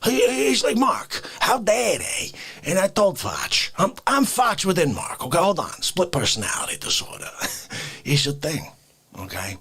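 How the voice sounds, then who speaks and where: Man voicing a slow, breathy old crank who rambles and rants in big swings. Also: sits high, big pitch swings, heavily acted. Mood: ranting. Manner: rambling rant, bursts into shouts. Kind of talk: comedic improvised rant.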